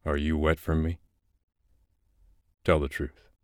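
A man playing a domineering, possessive male boss who speaks in a commanding, deliberate way. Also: very deep voice, level tone, dry recording, studio quality.

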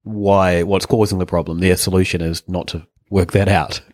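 A man's voice: deep voice, flat delivery, normal speed, a little mellow, no echo, clean studio sound. A man co-hosting a podcast, reacting in a chatty way with questions and jokey asides. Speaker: podcast co-host. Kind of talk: casual conversational podcast.

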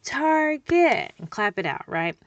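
A woman's voice: fairly low pitch, animated, moderate pace, no echo, muffled recording. A woman, a speech-language pathologist coaching parents in an upbeat, chatty way. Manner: upbeat, chatty, encouraging, checks in with "okay?".

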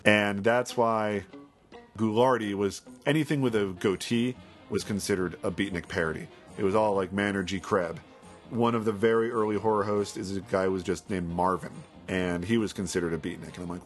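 Low-voiced man chatting casually. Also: steady tone, a little fast, faint music behind. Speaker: podcast co-host. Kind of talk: casual conversational chat.

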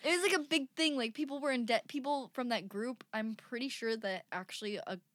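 A woman with a slightly high voice co-hosts a relaxed podcast chat. She drops blunt, joking asides into the conversation. The recording is dry and close-miked. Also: brisk, no echo. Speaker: podcast co-host. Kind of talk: casual chat.

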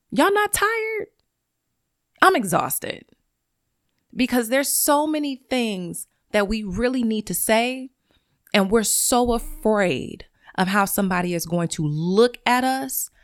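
A woman's voice: on the low side, no echo, clean studio sound. A woman who is a teacher and podcast host, talking in a solo monologue in a blunt, profane and emphatic way.

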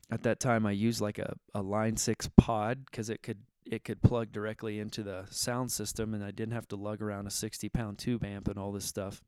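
A man's voice: lowish voice, darkish tone, clear, resonant tone, no room sound, studio quality. A man who plays guitar in worship music, telling a personal story in a casual, earnest, candid way. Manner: earnest, candid, conversational with fillers.

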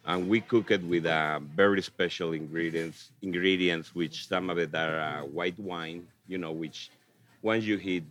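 A restaurant owner speaks in a very low voice, earnest and halting. He stops often on fillers as he explains his cooking in casual chat. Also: fairly bright tone.

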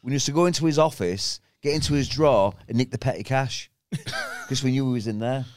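A man's voice: mid-range voice, a little fast. A man telling rambling, slangy school stories in a casual chat. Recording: faint background noise.

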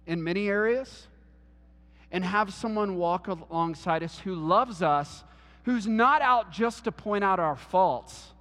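A man's voice: sits high, fairly bright tone, long reverb tail. A man preaching a sermon in a church, earnest, often restarting words and using "like" as a filler. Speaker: pastor.

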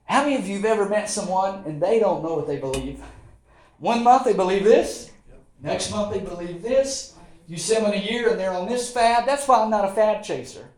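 Folksy high-voiced preaching man. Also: normal speed, a little mellow. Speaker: pastor. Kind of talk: sermon. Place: church sanctuary. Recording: echoey church room.

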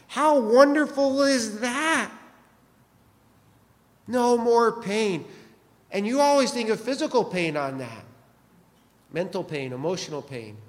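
Man, pastor, casual humorous sermon, questions to the crowd, reverberant church. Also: very high-pitched. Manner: conversational, joking, asks the congregation questions.

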